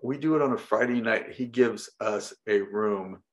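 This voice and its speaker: A man's voice: lowish voice, moderate pace. A middle-aged man talking casually as an interview guest, rambling with lots of fillers and restarts and the odd swear word. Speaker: podcast guest.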